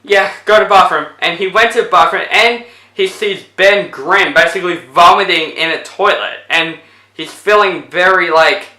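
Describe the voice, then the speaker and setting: Guy rambling thru a movie recap, kinda high voice, lots of basically and like, roomy echo. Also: normal speed, pushed and bright. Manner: rambling, full of fillers like 'basically'. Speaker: movie reviewer. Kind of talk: casual plot retelling.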